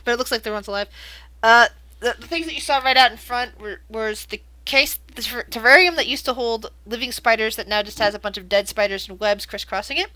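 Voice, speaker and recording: A woman's voice: on the high side, brisk, sharp tone, no echo, poor audio. A woman narrating as game master of a horror tabletop game, describing scenes with frequent restarts.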